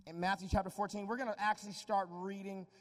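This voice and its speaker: A man's voice: sits high, little pitch movement, fast. A man preaching a live sermon in an emphatic way, urging the crowd to call back to him in a large hall. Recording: long hall reverb.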